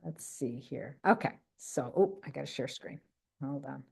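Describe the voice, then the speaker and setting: A woman telling a personal story on a video call, animated, often checking in with "right?" and acting out what others said. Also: rumbling low, moderate pace, creaky, breathy edge. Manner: acts out other people's quoted lines. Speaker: guest speaker. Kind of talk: personal story in an online talk.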